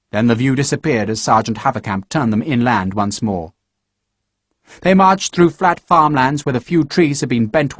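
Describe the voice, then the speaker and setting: Male audiobook narrator, lively pitch, dry close sound. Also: dry recording.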